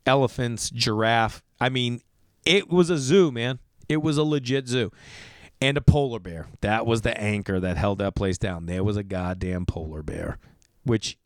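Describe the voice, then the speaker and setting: Animated Boston man telling a story. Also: mid-range voice, clear, resonant tone, no echo, clean studio sound. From Massachusetts. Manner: animated, profane, lots of "like" fillers. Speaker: podcast host. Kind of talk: casual storytelling monologue.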